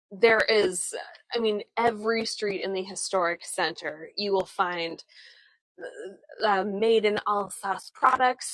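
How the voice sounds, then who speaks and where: Speaking into her phone camera outdoors on town streets, a woman tour guide leads a live virtual walking tour in a friendly, chatty way, with plenty of fillers and restarts and frequent laughs at herself. Her voice is mid-range and fairly bright, and the recording is dry and low quality.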